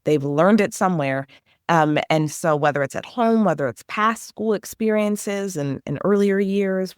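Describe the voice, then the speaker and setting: A woman with a lowish voice answers interview questions in an earnest, animated way. She talks things through at length and acts out little bits of classroom dialogue. The sound is dry and close. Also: dry recording. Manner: enthusiastic, earnest, animated explaining with acted-out teacher questions. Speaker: education consultant guest.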